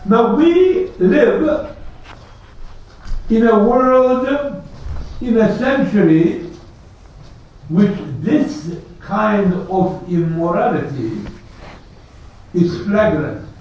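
A man preaching a sermon, slow and emphatic, building his points through rhetorical questions. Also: high-pitched, animated, a little mellow. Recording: echoey hall, distant lo-fi mic.

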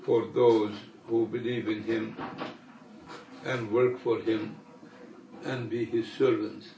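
An older man delivering a sermon in a slow, measured way with long pauses. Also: on the low side, flat delivery, dark tone, a little hiss or hum. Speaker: religious teacher. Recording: echoey room, mic far off.

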